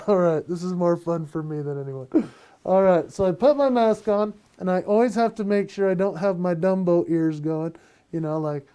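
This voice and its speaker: A man's voice: high voice, normal speed, dark tone. A man doing a playful, self-mocking comic monologue from his home office and laughing at his own jokes. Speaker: comedian and entertainer.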